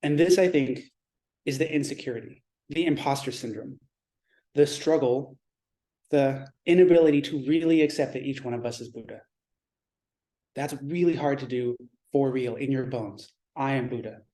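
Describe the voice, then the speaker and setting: A man giving a Zen dharma talk in a reflective, measured way, pausing and restarting his thoughts. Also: medium pitch, mellow.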